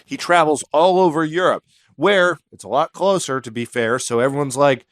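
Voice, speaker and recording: A man with a slightly higher voice riffs through a history story for a comedy podcast, joking as he goes. The sound is dry and close, with no room around it. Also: normal speed, no echo. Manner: jokey, slips into silly put-on voices while retelling. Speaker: podcast co-host.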